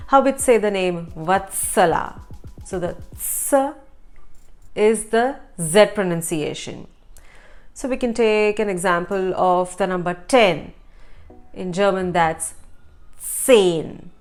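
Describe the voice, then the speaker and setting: A woman gives a German pronunciation lesson at a slow, unhurried pace. She says each example word twice, clearly, for the learner to copy. Faint music plays behind her. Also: medium pitch. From India. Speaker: language teacher.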